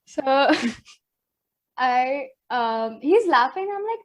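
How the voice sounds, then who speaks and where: A teenage girl, co-hosting a podcast and telling an animated story with giggles. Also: sits high, slow pace. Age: teens. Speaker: podcast co-host. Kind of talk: casual chat.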